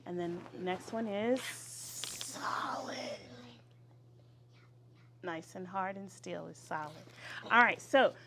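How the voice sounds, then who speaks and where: A woman teacher leading young children through a vocabulary lesson in a classroom, with call-and-response and drawn-out words. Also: lowish voice, heavy background noise.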